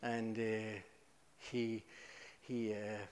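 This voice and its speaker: Man, middle-aged, humorous church testimony, echoey hall. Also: drawn-out words. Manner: animated, humorous storytelling with sudden high exclamations. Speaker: church speaker giving testimony. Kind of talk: storytelling testimony.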